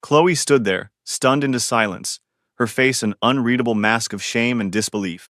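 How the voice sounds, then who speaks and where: A man narrating a first-person drama story in a calm, even scripted reading. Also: medium pitch, normal speed, no echo, studio quality.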